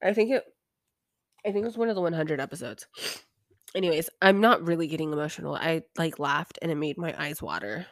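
A young woman with a lowish voice talks through a TV episode in loose, chatty recap mode. She is irreverent, drops the odd swear and sighs between thoughts. The recording is close and dry, with no room sound. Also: a little fast, no echo. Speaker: podcast host. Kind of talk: casual recap commentary.

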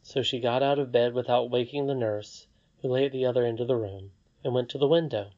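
A narrator reading a fairy tale aloud with a measured, expressive delivery. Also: mid-range voice. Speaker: audiobook narrator. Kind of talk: storybook narration. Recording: slightly dull lo-fi recording.

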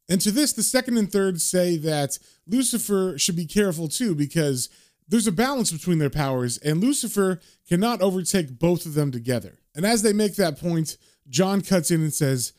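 A man's voice: high-pitched, lively intonation, normal speed, a little mellow. Casual male comic narrator. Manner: casual, conversational, hedging asides. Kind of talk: casual comic book retelling.

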